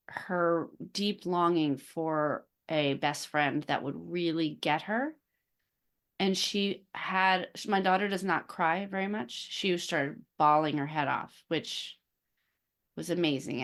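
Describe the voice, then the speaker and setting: A woman therapist, a podcast guest, telling a personal story earnestly, animated and laughing between sentences. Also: low voice.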